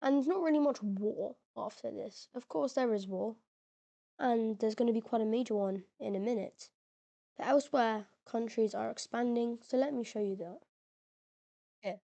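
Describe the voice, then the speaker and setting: A woman narrates a mapping video in a fairly high, creaky, mellow voice at a normal speed. Her commentary over the map game is casual and slangy, chatty and full of fillers, with a voice crack slipping in now and then.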